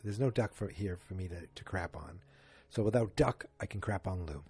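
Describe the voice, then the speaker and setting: Man, podcast host, solo recap, rambling with lots of fillers, mellow husky voice, faint music. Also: sits low, moderate pace, no room sound. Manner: rambling, filler-heavy retelling. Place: home, alone.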